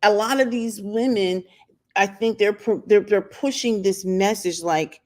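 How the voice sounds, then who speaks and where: An opinionated woman talks into her camera outdoors in a casual vlog monologue. Her voice sits at an ordinary middle pitch for a woman. She challenges the viewer with pointed rhetorical questions. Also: steady tone, normal speed, darkish tone. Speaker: channel host. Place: outdoors in sunlight.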